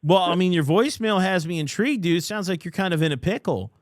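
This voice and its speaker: A man's voice: sits high, expressive, fast talker, no echo, clean studio sound. A male podcast host giving casual, sarcastic commentary with lots of wisecracks. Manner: sarcastic, wisecracking, says dude a lot.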